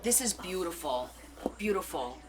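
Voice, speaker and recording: A woman hosting a casual live craft stream, gushing and excitable as she opens gifts and reads notes aloud. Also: lowish voice, normal speed, background noise. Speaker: craft livestream host. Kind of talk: casual live unboxing chat.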